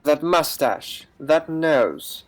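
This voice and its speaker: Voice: mid-range voice, animated, very slow. A streamer voicing a pompous, formal male penguin detective from a game, self-assured and grandiose. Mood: theatrical. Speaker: streamer reading game dialogue. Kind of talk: voice acting a game's text on stream.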